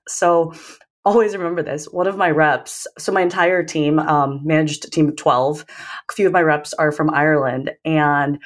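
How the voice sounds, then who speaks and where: An American woman, a sales leader, telling stories in a casual interview and acting out the dialogue. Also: low voice. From United States. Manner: animated storyteller, acts out dialogue. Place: living in London.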